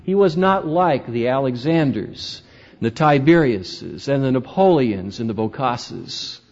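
A man's voice: medium pitch, expressive, unhurried, a little mellow. A man preaching a sermon as pastor, reading scripture aloud and swinging widely in emphasis. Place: church sanctuary. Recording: dull, lo-fi sound with long church reverb.

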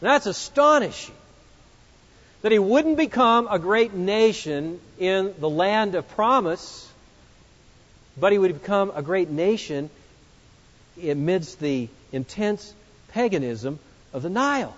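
A man preaching an expository sermon, emphatic, swinging between loud exclamations and hushed, reflective passages. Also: sits high, expressive, takes it slowly, pauses often. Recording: muffled sound with long hall reverb.

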